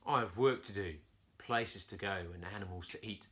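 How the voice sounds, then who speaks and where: A man's voice: low-pitched, normal speed, a bit bright, pitched below the performer's own voice. Man doing a cool, sly jaguar. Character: powerful predatory male jaguar, cool and menacing.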